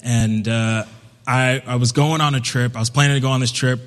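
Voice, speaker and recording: A young man from Brooklyn telling a personal story on stage in a relaxed, conversational way, slipping into higher, livelier voices for the people he quotes. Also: normal speed. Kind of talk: live storytelling performance. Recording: long reverb of a hall.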